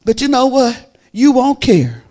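A woman preaching a sermon, moving between fervent, loud exclamations of praise and quiet, intimate storytelling. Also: fairly high pitch, very animated, unhurried.

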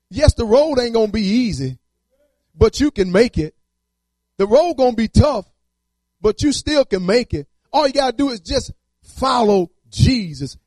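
Male preacher, very high voice, repetitive rhythmic delivery, dry close sound. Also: a little mellow, dry recording. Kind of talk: sermon.

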